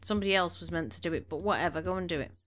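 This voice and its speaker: Rapid-fire delivery marks this woman's casual gameplay commentary, her voice fairly low in pitch with a fairly bright tone. Snuffly from allergies, she chats from a room at home and orders her game characters around.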